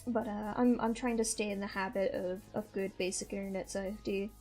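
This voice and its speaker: A woman's voice: medium pitch, fairly even intonation, fairly quick, darkish tone. A young woman with a mixed Midwestern and Southern American accent, chatting casually as a stream host, rambling and laughing often, with faint music behind her. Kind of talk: casual chat.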